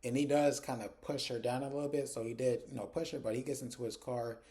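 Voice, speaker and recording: A man's voice: mid-range voice, steady tone, quick pace, dark tone. A man casually recapping a TV episode, blunt and chatty, talking straight to his viewers. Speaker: TV episode reviewer.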